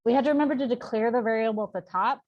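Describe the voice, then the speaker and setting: A woman's voice: fairly high pitch, rapid-fire, lo-fi sound. A woman taking part in an online workshop over a video call, chatty and thinking aloud. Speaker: workshop participant. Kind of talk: casual discussion.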